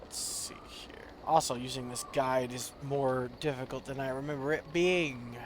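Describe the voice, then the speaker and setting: A man streaming a video game, chatting casually, rambling and swearing in his excitement, with a slight rural American accent. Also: mid-range voice, moderate pace, slight background noise.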